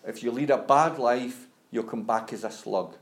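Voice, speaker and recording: A man's voice: mid-range voice, moderate pace. A male preacher giving a conversational sermon, often saying "you know" and stammering on restarts.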